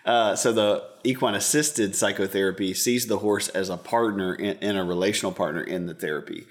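A counselor man with a fairly low voice talks in a relaxed interview. He rambles earnestly, restarts his sentences, and acts out the dialogue he describes. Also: brisk. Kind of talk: casual interview talk.

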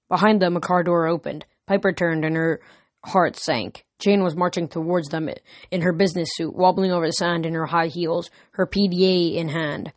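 Lady reading a novel aloud, low-ish voice, steady, dead dry mic. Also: normal speed, no room sound. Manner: steady, earnest storytelling with occasional slips. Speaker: audiobook narrator. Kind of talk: audiobook narration.

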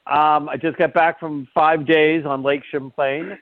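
A man with a fairly high voice hosts a live call-in radio show. He jokes and rambles with plenty of fillers. The sound is dry and thin, like it comes over a phone line. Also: flat delivery, a little slow, no room sound. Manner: joking, rambling, with many fillers.

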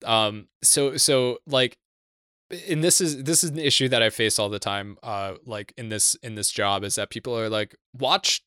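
A man's voice: on the low side, steady tone, moderate pace, sharp tone, clean tone, no room sound, studio quality. Rambling, profane male podcast host. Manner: rambling, profane, lots of fillers and restarts. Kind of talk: casual podcast chat.

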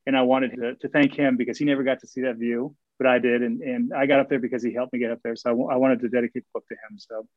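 A man talking fast and eagerly as an interview guest, stumbling over his words and restarting often. The sound is dry and a little dull, like a lo-fi recording. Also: medium pitch, level tone, no echo. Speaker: guest, Camino walker and author. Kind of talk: casual interview storytelling.

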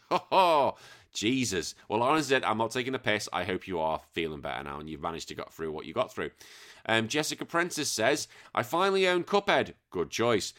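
English guy doing his podcast, bright forward voice, casual and sweary, reading out listener messages. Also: on the low side, a little fast. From England. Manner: animated, swears freely, bursts into loud exclamations. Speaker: podcast host.

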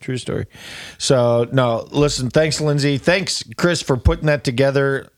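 A man's voice: medium pitch, a little slow, dry recording. Male podcast host, joking and self-mocking, dry close sound. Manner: jokey, self-mocking, laughs often. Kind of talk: casual chat.

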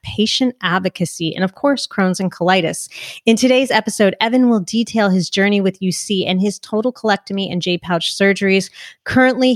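A woman's voice: mid-range voice, dry recording, studio quality. Chatty New Jersey woman hosting a podcast. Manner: upbeat, chatty, reads definitions aloud. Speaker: podcast host. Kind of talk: podcast interview.

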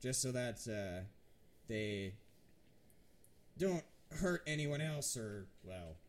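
A man's voice: medium pitch, animated, slow pace. A man voicing a blunt, exasperated male town sheriff in a tabletop game. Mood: gruff.

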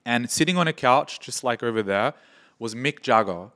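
A man's voice: medium pitch, animated, moderate pace, a bit bright. A young Australian man, a podcast guest, telling anecdotes in casual chat, swearing freely and quoting people in his stories.

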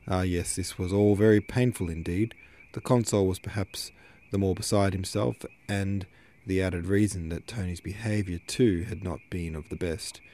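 Man, audiobook narrator, very deep voice, measured reading, occasional self-corrections. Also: steady tone, warm tone. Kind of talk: reading a classic novel aloud.

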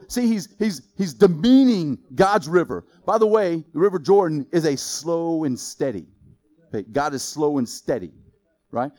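A man preaching a sermon in a lively, joking way, quizzing the congregation with questions. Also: on the high side, normal speed. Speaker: pastor.

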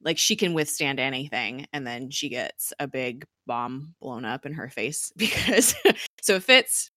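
A woman's voice: extremely low pitch, lively intonation, unhurried, pushed and bright, no room sound, clean studio sound. A woman in casual chat recapping a TV episode, acting out quoted lines and laughing often.

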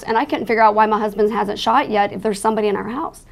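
Woman, personal testimony, earnest and emotional, vocal fry, mid-pitched. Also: fairly even intonation, quick pace. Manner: earnest, emotional retelling of a frightening night; speaks with religious faith.

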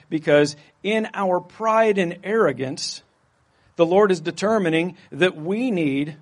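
A man preaches a sermon to his congregation in an easygoing, conversational way. He jokes along as he builds his points, and his speaking voice sits a little higher than most men's. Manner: casual, jokey and conversational. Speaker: pastor.

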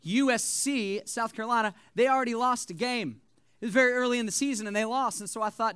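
A young man preaching to a youth group, joking and conversational with lively, animated delivery. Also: extremely high pitch, fast talker, clear, resonant tone, dry recording. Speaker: youth pastor. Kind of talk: sermon.

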